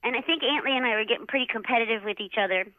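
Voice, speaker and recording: High-voiced animated woman, lo-fi. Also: very fast, no echo. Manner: animated, acts out others' lines with many "like" fillers. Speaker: interview guest, former jockey. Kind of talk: casual storytelling interview. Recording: dull lo-fi audio.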